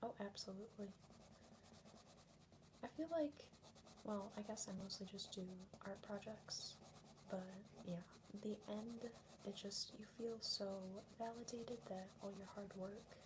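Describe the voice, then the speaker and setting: A young woman chats in a soft, nasal whisper during an ASMR coloring stream, her nose stuffy with a cold. She stays close to the mic, and faint pencil scratching runs underneath. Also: mid-range voice, noisy background. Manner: soft-spoken, giggly. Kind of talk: whispered ASMR livestream chat. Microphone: close mic by the drawing paper.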